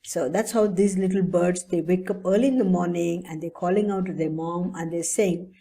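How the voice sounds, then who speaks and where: Woman, children's teacher; soft, warm tone, patient, keeps checking her pupils follow. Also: lowish voice, fairly even intonation, moderate pace. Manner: patient and explanatory, often checks in with "okay?" and "right?". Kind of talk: online English lesson for young children.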